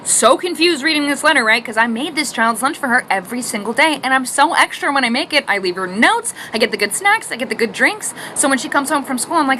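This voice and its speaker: Bubbly, animated woman telling stories. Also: high-pitched, fast, hardly any pauses, a little hiss or hum. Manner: bubbly and dramatic, acting out every quote, laughing often. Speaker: mother telling family stories. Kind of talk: storytime monologue. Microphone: phone selfie recording.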